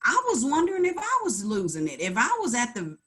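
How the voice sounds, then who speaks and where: A middle-aged woman on a video call, speaking in an earnest, tired, halting way. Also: fairly high pitch, wildly swooping pitch, fairly bright tone. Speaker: call participant, artist. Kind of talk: candid group video call.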